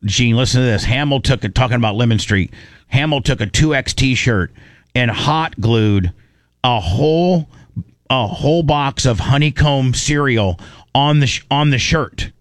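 A man's voice: mid-range voice, unhurried, no room sound. A male talk host swaps wild old stories with a co-host, tumbling over his own words and restarting sentences as he goes. His voice sits in a middle range and comes across dry and close, with no room around it. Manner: rambling, animated, stumbles and repeats words. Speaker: radio show host. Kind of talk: casual storytelling chat.

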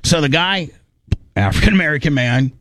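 A man's voice: fairly high pitch, fairly quick, no echo, studio quality. A man casually telling a funny story, acting out the people in it and often laughing. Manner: animated, acts out voices, laughs often.

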